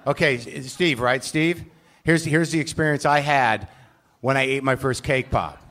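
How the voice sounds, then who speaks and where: A man's voice: medium pitch, normal speed, fairly bright tone, a little hiss or hum. A man hosting a show live on stage, delivering a rambling, self-deprecating comic rant full of profanity. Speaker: podcast host. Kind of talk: live comedic monologue.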